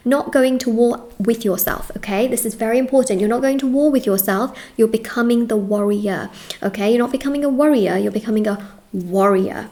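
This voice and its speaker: Brief: young woman, tarot reader, slightly high voice, reassuring, emphatic, repeats herself. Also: fairly quick, dark tone. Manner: reassuring, emphatic, repeats words, says "okay?" often. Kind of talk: tarot reading addressed to viewers.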